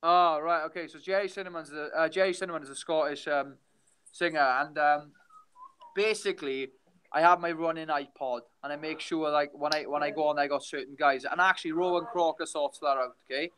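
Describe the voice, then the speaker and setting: A man's voice: fairly high pitch, steady tone, fairly quick, a bit bright, a little hiss or hum, low-quality recording. A young Welsh man talking casually on a video call as a guest fighter, telling stories with many restarts. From Wales. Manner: rambling storyteller, many restarts.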